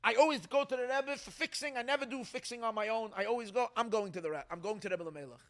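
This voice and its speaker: A man's voice: high voice, rapid-fire, a bit bright. A man voicing a simple villager in a told story, anxious and insistent as he pleads with his rebbe. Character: simple older male villager, anxious and stubborn.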